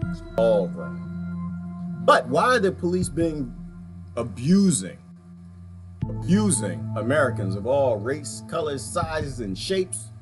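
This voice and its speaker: An impassioned man delivers preachy political commentary in a mid-range voice, hammering the same points again and again. Steady background music plays under his talk. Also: mid-range voice, takes it slowly, pauses often. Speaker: video commentator.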